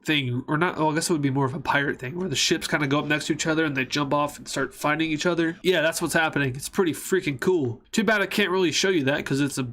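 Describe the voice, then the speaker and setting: A man's voice: fairly high pitch, fast talker, hardly any pauses, a bit bright. A man casually narrating a map series, rambling and joking, often correcting himself mid-sentence.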